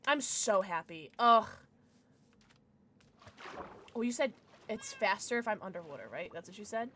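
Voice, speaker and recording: A woman's voice: mid-range voice, lively intonation, measured pace, pushed and bright, a little hiss or hum. A young woman streaming a video game, chatting casually and breaking into squealing baby talk with her pets. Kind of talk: casual gameplay livestream chat.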